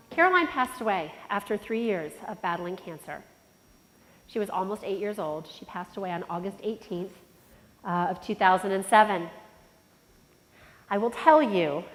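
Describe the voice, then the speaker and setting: A middle-aged woman gives a personal, heartfelt talk as a conference speaker, reflective at times, her pitch and volume rising suddenly now and then. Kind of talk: personal storytelling speech. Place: large conference hall. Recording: long reverb from a conference hall.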